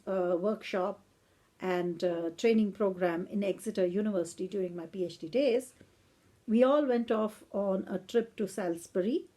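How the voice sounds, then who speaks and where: A woman's voice: medium pitch, warm tone. A woman from India, hosting a podcast and lecturing on philosophy in a reflective, storytelling way. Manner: reflective, storytelling, with a few self-corrections. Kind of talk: lecture-style podcast talk.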